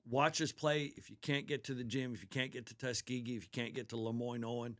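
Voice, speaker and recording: A man's voice: mid-range voice, fairly even intonation, fast, fairly bright tone. A man who is a basketball head coach, talking earnestly in a casual interview and telling stories about his players with enthusiasm.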